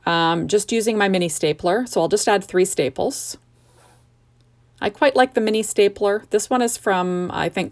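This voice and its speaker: A middle-aged woman chatting casually through a card-making tutorial in her home craft room, unhurried and full of fillers and restarts. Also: on the low side, creaky.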